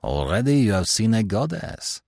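Man playing a fussy older detective, measured and grave, husky low voice, audiobook story. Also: sing-song, darkish tone, dry recording, clean studio sound, full character voice. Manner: measured and grave, dropping French phrases. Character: precise older male Belgian detective.

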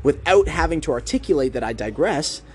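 A young man hosts his podcast alone, walking through a book in a relaxed, conversational way. His voice is mellow and warm, and he deliberately lifts and drops his tone to keep listeners hooked. A faint noise sits under the recording. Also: fairly high pitch. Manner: conversational, with filler "like" and rhetorical questions. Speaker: podcast host. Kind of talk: casual book-review podcast monologue.

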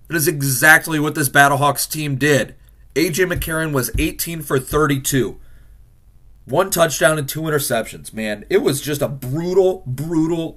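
A man hosting a casual football reaction video, frustrated and swearing, swinging from loud outbursts to low mutters. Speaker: sports fan reaction host.

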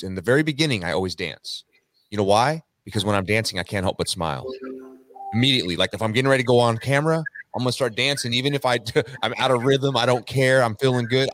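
A man's voice: mid-range voice, no room sound. A man appearing as a podcast guest who talks in an upbeat, motivational way. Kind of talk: casual podcast chat.

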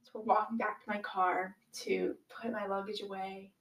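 A woman's voice: medium pitch, moderate pace, vocal fry, echoey room, low-quality recording. A teenage girl telling a dramatic story from her own life in casual chat, full of "like"s and acted-out quotes. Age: teens. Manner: animated, dramatic retelling with many "like"s.

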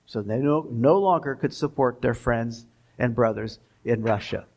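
Gravelly man giving a history lecture. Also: mid-range voice. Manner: deliberate, pauses for asides and reads quotations. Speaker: guest lecturer. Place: school lecture.

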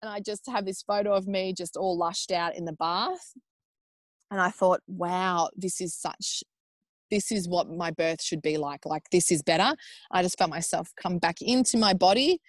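An Australian woman in her thirties, a podcast guest telling a personal story in a casual, animated way, acting out what people said. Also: lowish voice, normal speed, no echo. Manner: animated, acts out quoted speech in raised voices; chatty with frequent fillers like "like" and "um".

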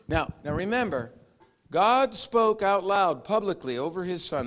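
A middle-aged man preaching a sermon, acting out voices and quotes, shifting from loud commands to near whispers. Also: fairly high pitch, measured pace, long pauses, a little hiss or hum. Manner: animated preaching, acts out quotes, growls and laughs. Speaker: pastor.

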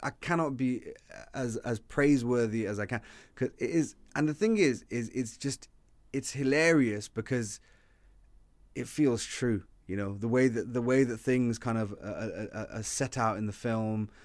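A man's voice: medium pitch, moderate pace, dry recording. A man co-hosting a casual film review chat, rambling with many restarts and fillers. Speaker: podcast co-host.

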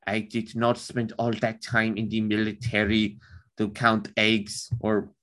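A stiff German pilot with a thick, exaggerated accent, as a man puts him on. He speaks low, quiet and deadpan. The tone is bright. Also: unhurried. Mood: solemn. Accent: put-on stereotypical German.

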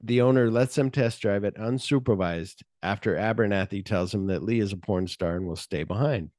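A man's voice: lowish voice, moderate pace, a little mellow, dry recording. Casual male podcast host, dry sound. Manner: recaps a film plot, jumping into quoted lines of dialogue; swears freely and loosely. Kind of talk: casual chat.

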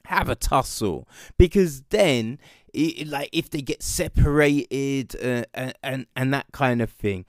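A man's voice: medium pitch, slow pace, dry recording, clean studio sound. A man with a British accent giving a casual, sarcastic rant about a TV show, swearing freely. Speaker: TV show reviewer. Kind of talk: casual ranting commentary.

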